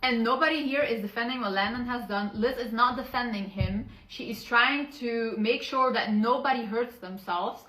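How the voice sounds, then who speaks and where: Insistent bright-voiced woman in an echoey room. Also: fairly high pitch, moderate pace, few pauses. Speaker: sister defending a relative. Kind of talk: clip of a personal statement video.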